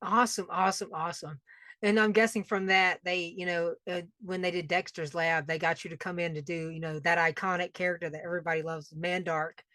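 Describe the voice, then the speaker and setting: A man's voice: sits high, flat delivery, fairly quick, bright, forceful tone, no room sound. A man in his late twenties hosting a podcast, asking questions with eager enthusiasm. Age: late 20s. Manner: enthusiastic, repeats "awesome". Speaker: podcast host. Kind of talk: interview questions.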